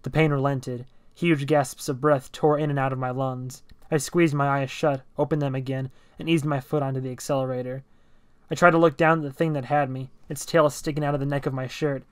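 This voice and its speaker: A man giving an amateur audiobook reading of a novel, telling it in first person in a brisk, tense way. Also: mid-range voice, flat delivery, clear, resonant tone, no room sound.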